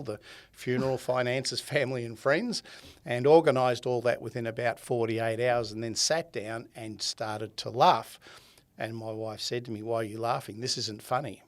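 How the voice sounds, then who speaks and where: A man's voice: mid-range voice, moderate pace. A man in his seventies with an Australian accent, a podcast guest who tells his story with energy, acting out quoted dialogue and often laughing. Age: 70s. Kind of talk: conversational storytelling.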